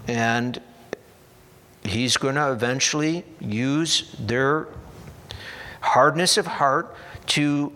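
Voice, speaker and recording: A man delivers a sermon from the pulpit, unhurried and deliberate in his phrasing. His voice sits at an ordinary middle pitch, earnest but ready with a wry aside. The sound rings out with the long reverb of a large church hall. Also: pushed and bright. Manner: slow, earnest preaching with dry humorous asides. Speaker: pastor.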